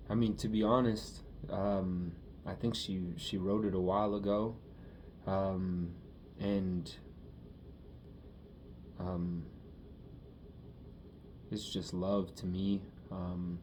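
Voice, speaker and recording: Slow-talking young man, halting and reflective. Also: fairly low pitch, dark tone, slight background noise. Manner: halting, rambling, many fillers. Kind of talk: personal reflective monologue.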